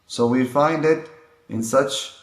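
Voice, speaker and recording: Slow-speaking man teaching letters. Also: mid-range voice, echoey room. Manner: repeats sounds and phrases to demonstrate them. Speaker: Quran pronunciation teacher. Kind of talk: slow explanatory lesson with demonstrations.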